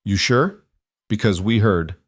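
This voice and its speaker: A man's voice: on the low side, animated, a little slow, husky, no echo, clean studio sound. A man playing a cocky young prospector from Boston who taunts with a grinning, mocking tone. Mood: taunting.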